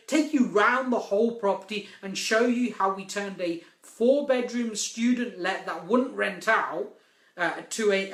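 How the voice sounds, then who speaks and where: Man, property coach, live-stream talk, emphatic, high voice. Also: a bit bright, roomy sound. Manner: emphatic, repeats key points with "right?".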